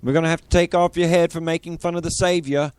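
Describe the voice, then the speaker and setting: A man's voice: on the high side, level tone, quick pace, darkish tone, smooth, no echo. Male radio host, mid voice, indignant and sarcastic, dry close mic. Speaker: radio talk show host. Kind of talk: casual political talk radio.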